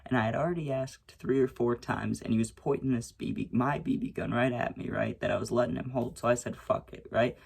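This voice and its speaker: A young man tells a story in a loose, rambling way, checking in with "right?" after nearly every point. His voice is gravelly with a husky edge at an ordinary pitch. He swears casually and raises his voice when he acts out what was said. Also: fairly even intonation, fairly quick, few pauses. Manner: rambling, frequent "right?" and "you know what I'm saying"; swears freely, acts out shouted quotes.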